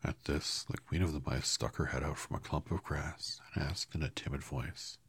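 Very deep gravelly man reading aloud. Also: moderate pace, hardly any pauses, no echo. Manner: soft, half-whispered, apologizes for slips. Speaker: reader. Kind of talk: quiet storybook read-aloud.

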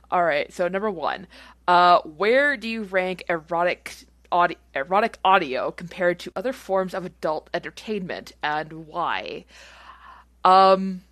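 A woman's voice: lowish voice, expressive, takes it slowly, fairly bright tone, no room sound. A woman chatting casually as she answers listener questions. She rambles with lots of fillers and giggles. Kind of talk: casual chat.

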